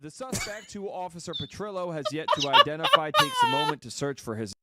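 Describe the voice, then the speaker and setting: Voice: medium pitch, wildly swooping pitch, fairly quick, over a noisy crowd. The host putting on a grand documentary narrator. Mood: mock-solemn. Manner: theatrical, sweeping, formal. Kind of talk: mock narration.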